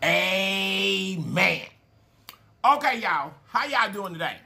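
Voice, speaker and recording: A man's voice: fairly high pitch, animated, normal speed, pushed and bright. A man hosting a casual eating show, folksy and chatty, calling viewers y'all and baby and humming over his food. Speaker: mukbang channel host.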